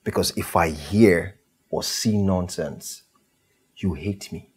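A man's voice: deep voice, slow, slightly rough, exaggerated voice. An actor playing an arrogant, scornful husband and father with a Nigerian accent, mocking and contemptuous.

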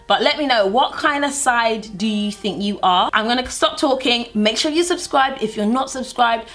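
A woman's voice: on the high side, a bit bright. A young woman chatting in a bubbly, playful way as she walks through a makeup tutorial for her channel. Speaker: beauty vlogger. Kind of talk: casual makeup tutorial chat.

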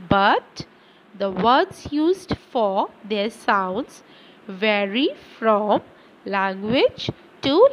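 A woman teacher giving a slow, deliberate lesson to children, reading words out one by one. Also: sits high, rough recording. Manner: slow and deliberate, reads word lists aloud; addresses children directly.

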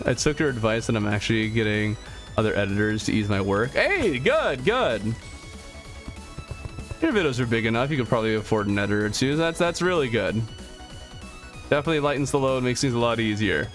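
A young male streamer talks through his gameplay in a casual, chatty way, answering chat as he goes. His pitch swings around a lot, bouncing up when something surprises him. Faint game music plays underneath his desktop mic. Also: sing-song, normal speed, pauses often. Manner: chatty, reads chat aloud, easily startled. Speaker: gaming streamer.

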